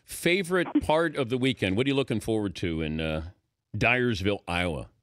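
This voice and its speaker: A man's voice: on the low side, lively intonation, a little fast, a bit bright, no room sound, clean studio sound. A man hosting a radio talk show, asking teasing, joking questions of his guest. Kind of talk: casual radio interview.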